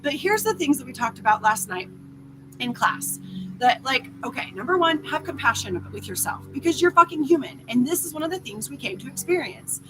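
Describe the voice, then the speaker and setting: A woman hosting a casual spiritual talk who talks in an animated way, swears freely and acts out inner voices. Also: high voice, brisk, music in the background. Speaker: host.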